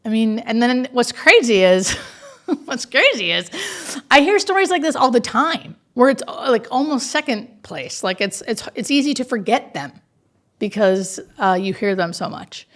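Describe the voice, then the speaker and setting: Unhurried and fairly high-pitched, this woman is a hospice nurse recounting stories during a conversational interview. She comes across as animated and earnest, leaning heavily on filler words.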